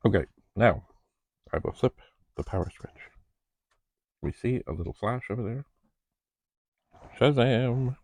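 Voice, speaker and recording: Deep gravelly-voiced man narrating his tinkering. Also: animated, moderate pace, long pauses, darkish tone, no echo. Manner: chatty, narrates each step, playful asides. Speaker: vlog host testing vintage computers. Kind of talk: casual narration while working.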